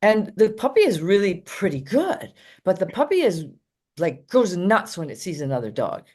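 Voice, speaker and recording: A woman's voice: on the low side, sing-song, moderate pace, dark tone. An older woman, a dog trainer, chatting casually in an interview and telling rambling anecdotes with frequent laughs.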